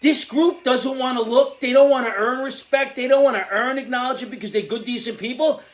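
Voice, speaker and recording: An older speaker with an Irish accent giving an angry, exasperated opinion monologue, sometimes breaking into shouts. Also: high voice, brisk. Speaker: commentator.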